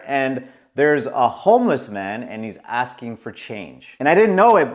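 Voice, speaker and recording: Animated storytelling man in his forties. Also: medium pitch. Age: 40s. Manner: animated, acts out quoted voices. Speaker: coach. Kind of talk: casual storytelling to camera.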